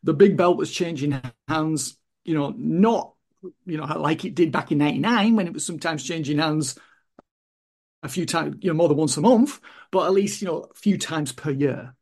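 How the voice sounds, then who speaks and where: Rambling higher-voiced male podcast co-host. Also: moderate pace, darkish tone, slightly rough. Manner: rambling, many "you know" fillers and restarts. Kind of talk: casual wrestling chat.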